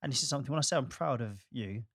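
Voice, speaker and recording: A man's voice: medium pitch, racing, fairly bright tone, no echo, clean studio sound. A man chatting as a friend and co-host, speaking encouragingly and supportively. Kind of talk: casual podcast conversation.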